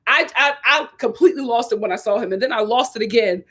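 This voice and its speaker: A woman with a slightly higher-than-average voice, hosting a live stream. She talks straight to her audience in a sassy, animated way, with casual commentary throughout. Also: quick pace. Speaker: live show host reviewing a reality series.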